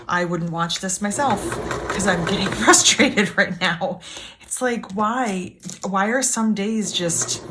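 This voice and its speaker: A woman hosting a casual sew-along, chatty and self-deprecating, grumbling as things go wrong. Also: medium pitch. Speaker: sewing channel host. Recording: clear background machine noise. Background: sewing machine running.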